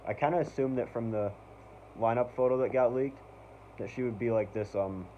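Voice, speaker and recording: A man's voice: medium pitch, normal speed, slight background noise. A man hosting a casual review vlog, rambling with lots of "like" and "um" as an eager fan. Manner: rambling, full of "like", "um" and "basically"; enthusiastic fan. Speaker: channel host. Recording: dull lo-fi recording.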